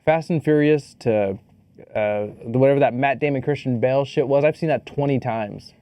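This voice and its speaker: A man's voice: mid-range voice, normal speed, mellow, no room sound. Joking man co-hosting a film podcast. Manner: joking, playful, with crude slang. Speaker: podcast co-host. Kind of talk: casual chat about films. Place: studio filmed with two cameras.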